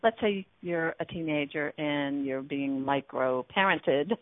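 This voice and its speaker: Taking her time in a low voice, a woman hosts an internet radio talk show as a relationship coach. Her earnest delivery is full of fillers and restarts, and the tinny, dry phone-line audio has no echo.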